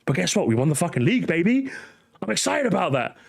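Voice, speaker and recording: A man's voice: sits high, sing-song, quick pace, creaky, husky. A young man hosting a reaction commentary, ranting, mocking and swearing as he talks. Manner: ranting, mocking, profane, laughing. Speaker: commentary host.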